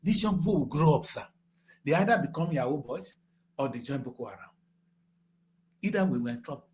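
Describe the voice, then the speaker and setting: An older man with a Nigerian English accent delivers impassioned political commentary. His voice sits high and leaps all over the place, dropping to a low, grave tone before rising into shouts. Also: animated, fairly quick. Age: 60s.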